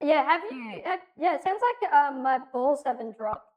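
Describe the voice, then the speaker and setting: A man co-hosting a podcast, talking through a voice-changer filter that turns his voice into a high, girlish one while he jokes about it. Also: lively intonation, moderate pace, lo-fi sound. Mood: amused. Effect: female voice-changer filter. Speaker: podcast co-host. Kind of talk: joking casual chat.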